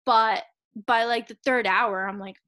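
A woman in her thirties co-hosting a casual chat, animated, laughing often and acting out quotes. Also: a little high, a little slow. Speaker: podcast co-host.

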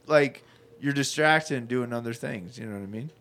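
A man's voice: mid-range voice, moderate pace, a bit bright. A man hosting a casual podcast, teasing his friends and swearing freely. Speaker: podcast host.

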